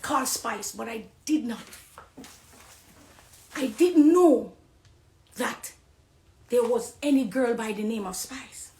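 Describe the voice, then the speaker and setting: A middle-aged Jamaican woman giving an impassioned personal testimony on a live stream, preachy, swinging between hushed confiding and loud accusing. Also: on the high side, roomy sound. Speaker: dancehall artist on a live stream.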